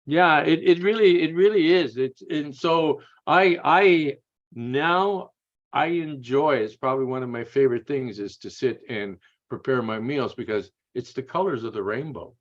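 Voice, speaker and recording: A man's voice: mid-range voice, normal speed, dull audio. A man telling blunt, crude-humored stories as an interview guest, tagging his lines with "man" and "eh". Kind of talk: casual storytelling.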